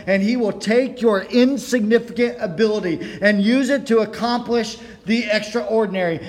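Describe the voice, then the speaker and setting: A man preaching a sermon from the pulpit, excitable and storytelling, his words sometimes running together when he gets fired up. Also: high-pitched. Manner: storytelling with playful voiced quotes. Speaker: pastor. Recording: long hall reverb.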